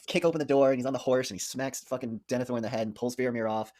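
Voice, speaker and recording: Fast-talking, swearing man recapping a movie. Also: mid-range voice. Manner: excited scene retelling, swears a lot, throws in quick impressions. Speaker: podcast co-host. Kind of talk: casual movie review chat.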